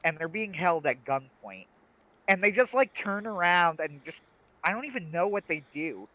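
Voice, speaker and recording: A man's voice: sits high, animated, normal speed, sharp tone, dry recording, low-quality recording. A man co-hosting a livestream, chatting casually and making emphatic, opinionated points. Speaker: livestream co-host. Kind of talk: casual chat.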